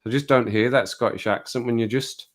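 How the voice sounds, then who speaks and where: A man from England with a Midlands accent chats casually to his live-stream viewers at a normal, mid-range pitch. He rambles from thought to thought, chuckles often, and has an easy, self-mocking way of talking. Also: a little fast. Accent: Midlands English.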